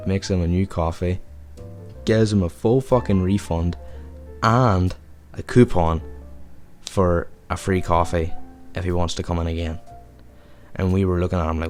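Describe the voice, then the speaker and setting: A man's voice: low voice, fairly even intonation, unhurried, a little mellow, soft background music. A young man hosting a podcast, telling a rambling, profane anecdote in a casual way. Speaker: podcast host. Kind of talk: casual storytelling.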